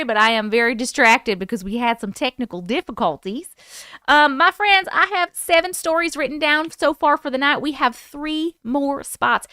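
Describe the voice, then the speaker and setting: A woman's voice: high voice, bright, forceful tone, clear, resonant tone, dry recording, clean studio sound. A young woman hosting a livestream, chatting casually and giggling as she reads out viewer comments. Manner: chatty, giggly, quickly distracted. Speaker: livestream host.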